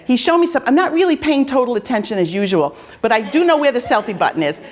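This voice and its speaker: Chatty, animated woman telling stories. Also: on the high side, fast. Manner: chatty, self-deprecating and animated. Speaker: host; fencing coach. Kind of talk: casual anecdotal storytelling.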